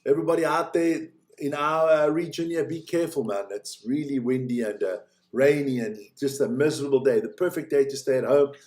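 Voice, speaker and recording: A man giving casual, joking live commentary on a snowboard race as host of a watch-along stream, chatty between heats and excitable during the runs. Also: medium pitch, brisk, few pauses.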